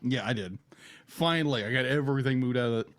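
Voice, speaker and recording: A man in his thirties co-hosting a casual film review podcast, excitable and rambling as he tells stories. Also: mid-range voice, fast. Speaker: podcast co-host.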